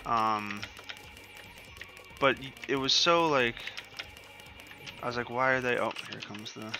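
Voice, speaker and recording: A man's voice: mid-range voice, slow, bright, forceful tone, faint music behind. A young man giving casual, profane commentary over a game he is playing, rambling and ranting as he goes. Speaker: gaming streamer.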